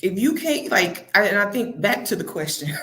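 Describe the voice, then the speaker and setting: A woman's voice: medium pitch, big pitch swings, moderate pace, a bit bright, reverberant. A woman speaking earnestly and reflectively on a church panel discussion.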